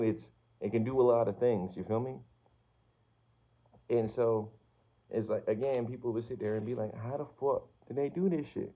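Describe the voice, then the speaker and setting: A man's voice: mid-range voice, dark tone. A young man talking in a loose, slangy, profane monologue, firing off rhetorical questions and checking in with "you feel me". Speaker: vlogger. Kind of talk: casual rambling monologue. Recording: slightly muffled lo-fi recording.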